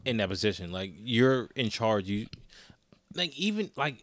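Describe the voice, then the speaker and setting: A man's voice: mid-range voice, big pitch swings, a little slow, a bit bright, dry recording. Man giving blunt opinions in casual chat. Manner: opinionated, emphatic reactions. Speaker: conversation partner.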